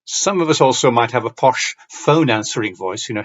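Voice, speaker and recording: Man giving a measured talk on reading aloud. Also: mid-range voice, animated, dull audio. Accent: Yorkshire. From Yorkshire, northern England. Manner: measured, clear diction, storytelling lilt. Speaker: conference speaker on reading aloud. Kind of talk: lecture with read-aloud examples.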